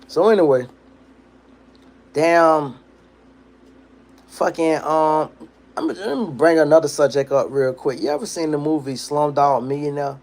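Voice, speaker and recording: A man's voice: medium pitch, moderate pace. A young man hosting a livestream, casually telling a long profane story and acting out the people in it. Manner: animated, profane street storytelling, acts out quotes. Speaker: livestream host.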